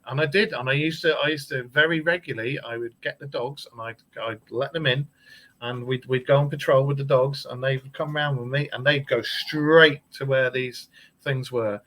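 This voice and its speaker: A man's voice: medium pitch, steady tone, moderate pace, a bit bright, rough recording. A middle-aged man from England chatting as a guest, telling jokey anecdotes and slipping into voices. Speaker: guest, paranormal investigator and podcaster. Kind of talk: casual chat.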